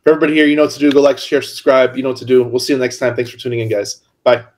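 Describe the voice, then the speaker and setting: Podcast host guy, hyped reactions, casual, mid-pitch voice. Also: little pitch movement, racing, darkish tone. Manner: enthusiastic reactions.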